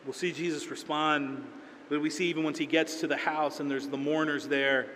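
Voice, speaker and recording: A man delivers a sermon in a casual, story-driven way, slipping into quoted voices as he goes. His voice sits slightly high for a man. It is recorded in a reverberant hall with a faint murmur of room ambience behind it. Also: steady tone, normal speed, fairly bright tone, slight background noise. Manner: conversational storytelling with acted-out quotes. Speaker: pastor.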